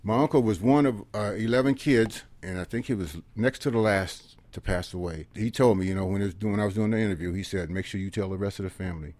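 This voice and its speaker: A man in his seventies, a veteran telling personal stories in a rambling, conversational way, often trailing off softly. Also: on the low side, fast talker, hardly any pauses, dry recording. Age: 70s. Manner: conversational, rambling, tags phrases with "okay?" and drops softly at the ends. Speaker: veteran guest. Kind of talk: personal storytelling in an interview.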